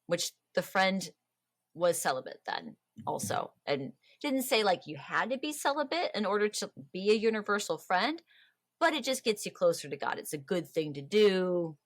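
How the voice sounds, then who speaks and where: A woman hosting a casual history podcast, telling the story in a chatty, animated way with playful voiced quotes. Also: medium pitch, normal speed, no room sound, studio quality. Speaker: podcast host.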